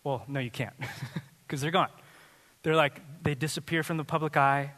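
A man's voice: a little high, steady tone, normal speed, a bit bright. A male pastor giving a sermon in a conversational, joking way, laughing often. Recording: reverberant hall.

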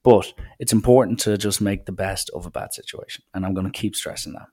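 A man's voice: lowish voice, steady tone, a little fast, a little mellow, breathy edge. A young man, rambling sardonically through a casual solo podcast. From Ireland. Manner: sardonic, rambling, mock-serious. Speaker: podcast host.

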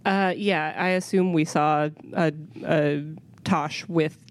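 Low-voiced woman player. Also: steady tone, slow pace, dry recording. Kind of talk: tabletop role-play.

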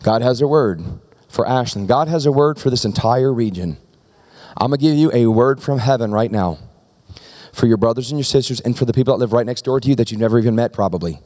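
A man's voice: mid-range voice, quick pace. Man preaching in a reverberant hall. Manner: animated, conversational preaching with rhetorical questions to the crowd. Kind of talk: sermon. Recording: long reverb of a large hall.

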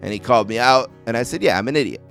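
A man's voice: medium pitch, expressive, very fast, vocal fry, fairly bright tone, soft background music. A man with a Western New York accent hosting a sports podcast, talking alone in a rambling, self-deprecating way with lots of ums and uhs. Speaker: podcast host. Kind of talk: casual solo monologue.

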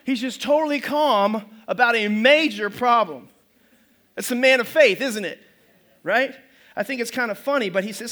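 A man's voice: very high voice, normal speed, sharp tone. A man pastor preaching a sermon in a loose, conversational way, often restarting his phrases. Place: church service.

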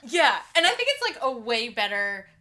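A young woman co-hosting a podcast, excitable and gushing as she talks. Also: fairly high pitch, moderate pace. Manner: excitable, gushing, swings between hushed and loud. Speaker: podcast co-host. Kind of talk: casual chat.

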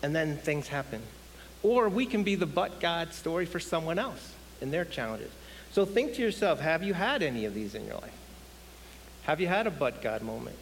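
A man preaching a sermon, animated and often asking the audience questions. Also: a little high. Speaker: guest speaker. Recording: hissy hall with long reverb.

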